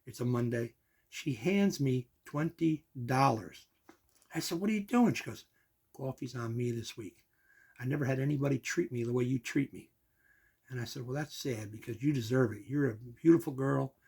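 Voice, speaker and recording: A man's voice: mid-range voice, gravelly, breathy edge. An older man, telling a long personal story and acting out the quoted voices.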